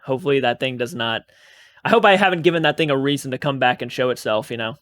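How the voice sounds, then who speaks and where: A man's voice: mid-range voice, fast talker, fairly bright tone, no echo. A man hosting his own channel, telling a paranormal experience in a casual, rambling, earnest way and swearing freely. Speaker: channel host.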